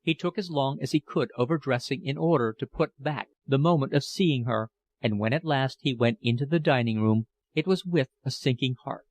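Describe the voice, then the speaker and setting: An audiobook narrator with a mid-range voice reads a classic novel aloud, his delivery measured and expressive.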